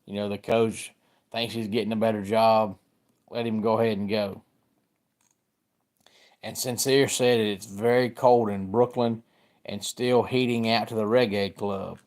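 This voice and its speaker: A man's voice: fairly low pitch, steady tone, a little slow, long pauses, darkish tone. A middle-aged man from Georgia with a Southern accent, hosting a casual live-stream sports talk and greeting viewers by name. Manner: chatty, greets viewers by name while discussing football.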